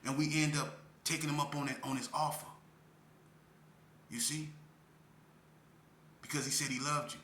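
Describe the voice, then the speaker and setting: On the high side and fairly bright, this man's voice comes out flat at a normal speed, broken by long pauses, with slight background noise. He's a Las Vegas man using street speech, earnestly and emotionally telling parents his story and repeating phrases for emphasis. The room is echoey with faint ambience.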